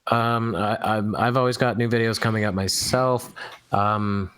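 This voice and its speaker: A hesitant man on a casual online panel who halts and restarts as he talks. His voice is fairly low, and the recording is dry with no room sound. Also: fairly even intonation, a bit bright, clean tone, no room sound. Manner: hesitant, halting, stumbling restarts.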